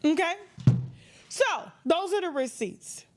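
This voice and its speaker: Animated, high-voiced woman gossip commentator. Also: takes it slowly, noisy background. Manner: dramatic, mimics others in shifting voices.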